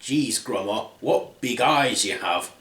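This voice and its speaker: A man voicing a blunt, cheeky young girl in a comic fairy tale, deadpan. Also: mid-range voice, slow, pitched below the performer's own voice. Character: blunt cheeky girl, Red Riding Hood. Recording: roomy echo.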